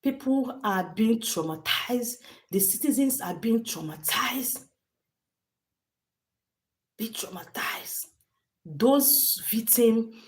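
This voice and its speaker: Brief: woman, live-stream host talking straight to chat, emphatic, repetitive delivery. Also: medium pitch. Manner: emphatic, repeats phrases, addresses chat directly. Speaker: livestream host.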